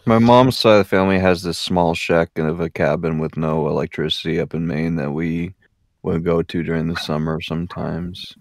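A man chatting in a laid-back, deadpan way during a casual let's play. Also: sits low, normal speed, no echo.

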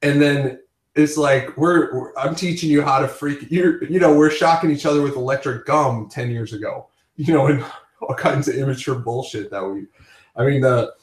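A man's voice: medium pitch, moderate pace. A man hosting a casual chat, telling rambling stories with frequent laughs. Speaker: podcast host. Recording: roomy, distant from the mic.

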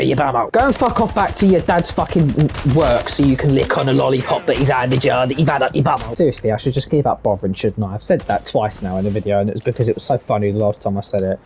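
A man's voice: medium pitch, a little mellow, slight background noise. A young man doing gameplay commentary, boasting, swearing and trash-talking nonstop. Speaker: gaming YouTuber.

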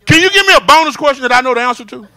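A male pastor, preaching a sermon and moving from shouts and call-and-response to quiet, close talk. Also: very high-pitched, lively intonation, racing, slight background noise. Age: 50s. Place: church sanctuary with congregation.

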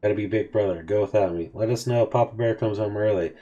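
In a recording with the highs cut off, a man hosting a game video reads both sides of a characters' text chat in a casual, offhand manner. His voice is on the low side and mellow, and he moves at a quick pace.

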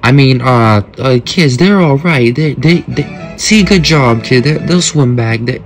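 A man's voice: mid-range voice, a little slow, faint music behind. A man casually commenting on a mobile game, joking, mock-talking to kids and often trailing off mid-sentence. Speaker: gameplay host.

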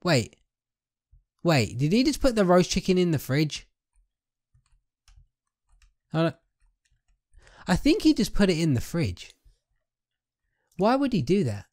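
A man's voice: high voice, wildly swooping pitch, takes it slowly, pauses often, a little mellow. Chatty young man narrating gameplay. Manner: chatty and playful, talks to viewers and game characters. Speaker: gaming YouTuber. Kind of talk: casual let's-play commentary.

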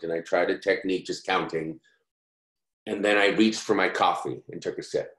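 A man's voice: sits low, steady tone, normal speed, fairly bright tone. A man giving a course talk, telling a personal story in a candid, conversational way full of fillers. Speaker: course speaker. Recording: roomy echo.

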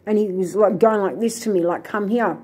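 Woman, indignant rambling storyteller; darker, slightly husky tone. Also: mid-range voice, fairly quick, warm tone. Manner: aggrieved, indignant retelling with many fillers and restarts. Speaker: vlogger.

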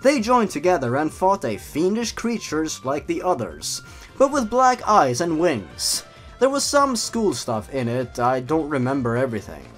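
A man narrating and mocking the stories he reads, with sarcastic, deadpan asides. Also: fairly high pitch, a little slow, faint music behind. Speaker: YouTuber narrator. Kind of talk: comedic reading with commentary.

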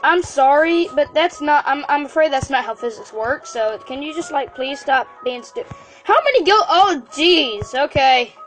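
A woman with a high, light voice chatters through a game as its regular host. She is excitable, trips over her words and keeps blurting out exclamations. Soft game music plays faintly underneath. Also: normal speed. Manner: excitable, exclaims and stammers often. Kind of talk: casual gameplay commentary.

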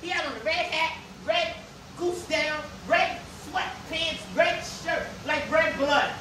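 A hairstylist in her fifties telling a story in a salon, animated and profane, acting out what people said. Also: sits high, slow pace, background noise. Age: 50s. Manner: animated, profane, acts out quotes. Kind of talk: casual storytelling. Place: hair salon, indoors. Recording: echoey room, picked up from a distance.

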